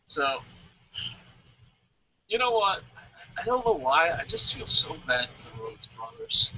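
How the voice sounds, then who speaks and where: A man from New Jersey co-hosting a casual wrestling review show, excitable and profane, with mock-formal bits. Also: high-pitched, a little slow, husky. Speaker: podcast co-host. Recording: dull lo-fi audio.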